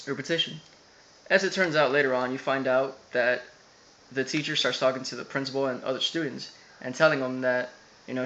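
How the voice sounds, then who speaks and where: A man's voice: medium pitch, a bit bright, lo-fi sound, slight background noise. A man casually recapping an anime episode, rambling with lots of fillers and quoted asides.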